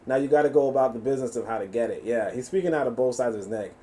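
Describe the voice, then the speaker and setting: A man with a New York accent giving animated, profane live reaction commentary. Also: mid-range voice, rapid-fire. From USA. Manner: animated, profane, laughing asides. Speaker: reaction streamer.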